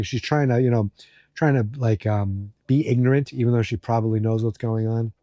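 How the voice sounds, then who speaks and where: Mellow, rambling male podcast host. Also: mid-range voice, moderate pace, no echo. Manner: rambling, joking, many fillers. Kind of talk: casual episode recap.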